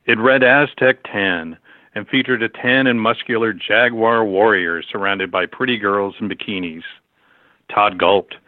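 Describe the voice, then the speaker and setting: A man narrating a story in a steady, measured reading over a tinny phone-like line. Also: lowish voice, no echo.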